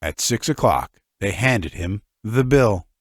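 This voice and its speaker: A man narrating a classic short story audiobook in an unhurried, even manner. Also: lowish voice, no room sound, studio quality. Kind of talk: scripted narration.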